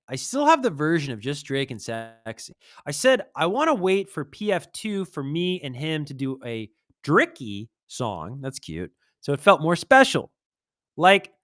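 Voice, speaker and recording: Young man, livestream host, wry, lively, dry mic. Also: a little high, no room sound. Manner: animated, reads posts aloud with wry asides. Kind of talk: casual livestream commentary.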